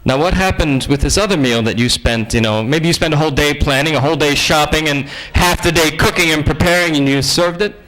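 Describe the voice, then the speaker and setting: A man giving a humorous sermon-style lecture in a conversational, joking way with lively asides. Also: fairly high pitch, a little fast, few pauses, poor audio.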